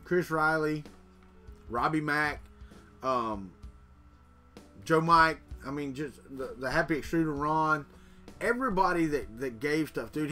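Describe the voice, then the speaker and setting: Bright-voiced man chatting live. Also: a little high. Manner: chatty, reads viewer comments aloud, jokes. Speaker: livestream host. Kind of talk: casual live chat with viewers.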